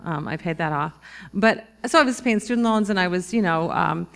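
Woman, forties, low-ish gravelly voice, reflective halting storytelling, live talk. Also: lively intonation, a bit bright. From Minnesota, US. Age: 40s. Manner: reflective, halting, with many restarts and fillers. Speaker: author giving a talk. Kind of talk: personal storytelling to a live audience.

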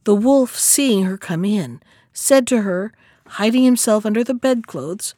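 A woman narrating a fairy tale in scripted storybook narration, expressive and measured. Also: medium pitch, no room sound, studio quality. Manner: expressive, measured reading aloud.

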